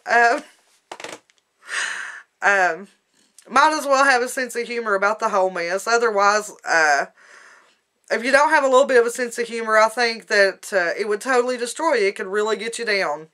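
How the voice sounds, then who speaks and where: A woman's voice: a little high, normal speed, bright, forceful tone. A woman talking in a rambling, folksy, emotional way in a personal video diary. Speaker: vlogger.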